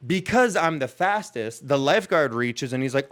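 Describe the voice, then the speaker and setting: A man's voice: medium pitch, expressive, moderate pace, a bit bright. A man in his thirties hosting a comedy podcast, telling rambling, self-mocking stories and chuckling at his own mishaps. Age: 30s.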